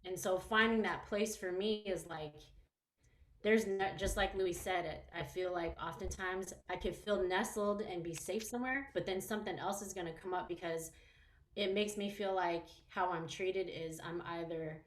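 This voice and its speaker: A woman's voice: fairly low pitch, normal speed, echoey room. A Chinese American woman, a mother and artist, speaking earnestly and emotionally as a guest in a public conversation. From United States. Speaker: panel guest.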